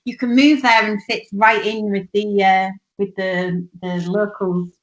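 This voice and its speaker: A woman's voice: medium pitch, fairly even intonation, measured pace, low-quality recording. A woman speaking as a guest on a podcast, in a playful, encouraging way. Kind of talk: casual podcast chat.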